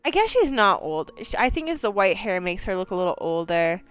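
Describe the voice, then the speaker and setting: A woman talks through her game in a loose, chatty stream, wandering from one thought to the next with plenty of fillers and a swear word here and there. Her voice is smooth and clear, and she laughs easily. Faint music plays underneath. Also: mid-range voice, very animated, brisk, fairly bright tone. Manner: chatty and rambling, with frequent fillers and casual swearing. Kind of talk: casual gameplay commentary.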